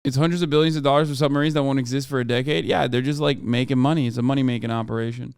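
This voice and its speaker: A man in his thirties hosting a live-stream, reacting to news clips in a loose, profane, excitable way with laughing asides. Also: medium pitch, rapid-fire, vocal fry, clean tone, dry recording, studio quality.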